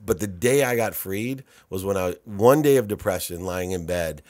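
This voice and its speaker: A man's voice: sits low, moderate pace, no room sound, studio quality. A man being interviewed on a podcast, telling a personal story with feeling, often repeating words and acting out what people said. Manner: animated, repeats words, acts out quotes. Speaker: podcast guest. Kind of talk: emotional storytelling in conversation.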